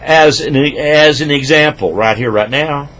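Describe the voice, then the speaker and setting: A man's voice: measured pace, poor audio. Crude rambling man ranting at his desk. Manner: crude, rambling, swings between loud outbursts and low mutters. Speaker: vlogger. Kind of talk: rambling profane rant to camera. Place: home desk with computer screens. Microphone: computer microphone.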